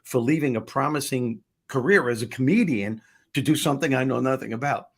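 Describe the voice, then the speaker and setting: A man, a former comedian turned motivational speaker, telling a story in a conversation with lively restarts and self-corrections. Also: medium pitch, a little fast.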